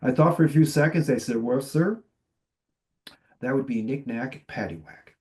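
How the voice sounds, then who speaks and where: A man on a conference panel telling animated stories, acting out the voices of the people he quotes. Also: medium pitch, moderate pace. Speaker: panelist, tech executive.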